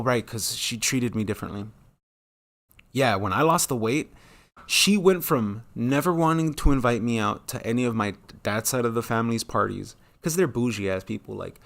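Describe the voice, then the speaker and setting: A solo talk channel host in his thirties rambles through a casual, profane monologue and keeps losing his train of thought. His voice has vocal fry and a fairly bright tone, and when he acts out quoted lines, his pitch jumps suddenly and sharply upward.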